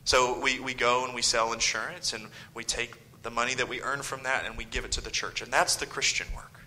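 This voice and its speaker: A man preaching a sermon as pastor, swinging from loud emphasis to hushed whispered lines and firing off mocking rhetorical questions. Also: mid-range voice, fairly even intonation, fairly quick, poor audio.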